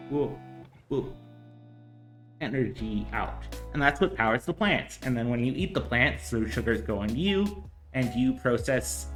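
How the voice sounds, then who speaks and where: A man works through chemistry problems on a casual livestream lesson, thinking aloud, rambling into chatty asides and hesitating over many fillers. His medium-pitched voice rings in a roomy space, with soft guitar music faintly underneath.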